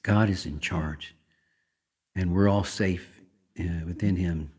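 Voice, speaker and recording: A man hosting a weekly gospel livestream, talking softly and devotionally to viewers, with frequent filler words. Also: sits low, breathy edge. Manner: soft-spoken, unhurried, many filler words. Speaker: gospel singer and livestream host. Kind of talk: casual devotional talk. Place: home livestream.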